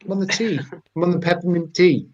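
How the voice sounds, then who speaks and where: A man's voice: high voice, fast talker, darkish tone, muffled recording. A British man joking dryly with co-hosts over a video call. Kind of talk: casual chat.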